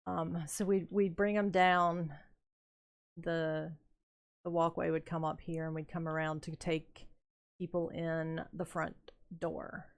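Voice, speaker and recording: An older woman streaming a building game, telling rambling, unhurried stories about her youth with plenty of fillers and chuckles. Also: deep voice, level tone, gravelly. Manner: rambling, unhurried anecdotes with frequent fillers and laughs. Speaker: gaming streamer. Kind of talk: casual storytelling while building in a game.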